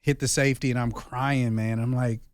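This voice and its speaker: 30s guy host, earnest confessional vibe, keeps saying bro, mid pitch, dry mic. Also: level tone, normal speed, clear, resonant tone, no room sound. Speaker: podcast host and former pastor. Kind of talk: candid conversation.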